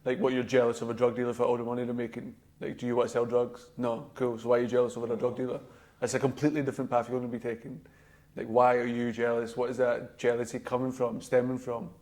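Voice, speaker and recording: A man's voice: mid-range voice, little pitch movement, quick pace, darkish tone. A young man with a West of Scotland accent co-hosting a podcast in casual, sweary, blunt chat. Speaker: podcast co-host.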